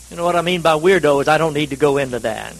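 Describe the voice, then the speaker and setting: A man from North Carolina, preaching a sermon in a folksy, self-deprecating storytelling manner with dramatic swings in pitch and volume. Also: low-quality recording. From North Carolina, USA. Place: church service.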